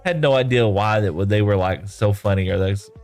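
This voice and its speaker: A man's voice: lowish voice, quick pace, a little mellow, faint music behind. A man live-streaming a game, chatting casually and reading viewer comments in a rambling, easygoing way, often laughing.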